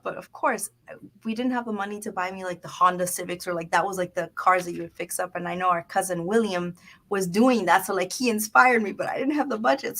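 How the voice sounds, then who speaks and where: Her voice is mid-range, creaky, pushed and bright as she chats through stories on the radio. She's a woman in her thirties, slipping Spanish phrases into her English, recorded on a studio mic.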